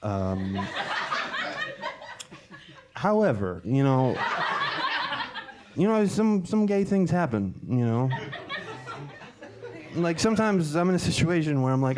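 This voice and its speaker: A male stand-up comic in a club, telling his set with a halting, self-deprecating delivery and plenty of restarts. His pitch swoops lively up and down. Heavy background noise fills the live recording. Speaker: stand-up comedian. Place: comedy club stage with audience.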